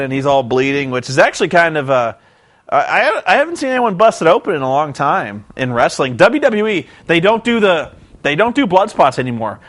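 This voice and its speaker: A man's rambling, casual commentary on a wrestling show, full of restarts and sudden impressions. His voice sits high and carries a gravelly rasp throughout. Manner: rambling, animated, acts out wrestlers in shouted bits. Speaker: vlogger recapping a wrestling show.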